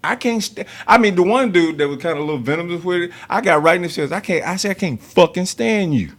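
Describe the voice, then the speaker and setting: A man's voice: sits high, fast, a bit bright. A man, hosting a podcast and telling stories in a blunt, profane way. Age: 50s. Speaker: podcast host. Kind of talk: casual podcast chat.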